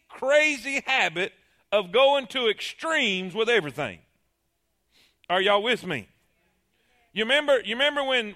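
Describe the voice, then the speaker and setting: A man preaching a sermon to his congregation, animated, repeating phrases and restarting often. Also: very high-pitched. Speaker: pastor. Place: church sanctuary.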